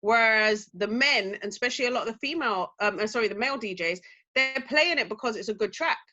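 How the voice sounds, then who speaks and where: Bright-voiced emphatic woman DJ. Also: fairly high pitch, lively intonation, quick pace, muffled recording. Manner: emphatic, laughs easily. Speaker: DJ guest. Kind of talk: casual podcast chat.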